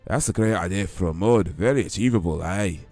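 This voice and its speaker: A man putting on a gruff Scottish medieval warlord. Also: deep voice, brisk, mellow, faint music behind. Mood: swaggering. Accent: put-on Scottish. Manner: gruff, swaggering, calls people laddie.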